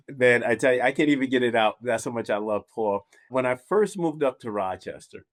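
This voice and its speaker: A man hosting a podcast, telling a story with lots of laughter and animated warmth toward his guest. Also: mid-range voice. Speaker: podcast host. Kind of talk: casual interview intro.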